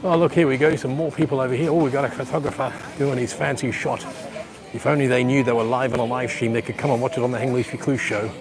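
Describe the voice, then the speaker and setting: Man, livestream vlogger, rambling chatty commentary, outdoors by a pool, phone mic, faint background music. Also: mid-range voice. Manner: chatty, rambling, addresses viewers at home. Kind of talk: live walking tour commentary. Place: outdoor beach resort pool area. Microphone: handheld phone camera.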